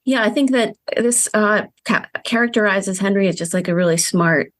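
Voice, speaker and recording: A woman who is a media studies professor, discussing a TV episode in casual conversation with frequent pauses and fillers. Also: mid-range voice, dry recording. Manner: hesitant, many fillers like "um" and "like". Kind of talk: casual analytic chat.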